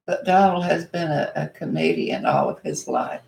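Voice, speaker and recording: A woman's voice: lowish voice, very animated, moderate pace, gravelly, darkish tone, rough recording. An older woman with a Kentucky accent, the host's mother, telling family stories in a plain-spoken way with laughter. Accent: Southern US, Kentucky. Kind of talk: casual family chat, storytelling.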